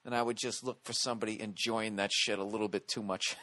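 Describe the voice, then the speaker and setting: Loud, profane American man telling stories. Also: fairly low pitch, fast, a little hiss or hum. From United States. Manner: loud animated storytelling, frequent swearing, rhetorical "okay?" asides. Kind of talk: profane comedic storytelling rant.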